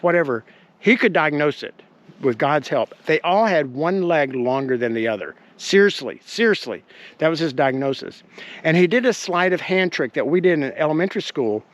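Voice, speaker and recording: A man hosting his own show, telling a personal story in an animated, indignant way with many fillers, recorded on a handheld camera. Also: a little high, muffled recording. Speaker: podcast host.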